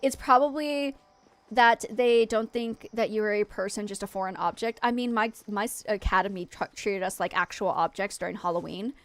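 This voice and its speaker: A woman streaming and chatting casually with her viewers, frank and quick to vent. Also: medium pitch. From United States.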